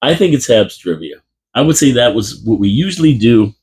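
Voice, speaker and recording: A man's voice: medium pitch, very animated, fairly quick, a little mellow. A man hosting a casual fan talk show, rambling and joking with his co-host at a desk mic in a small room. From Canada. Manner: goofy, rambling, jokey. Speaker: podcast host.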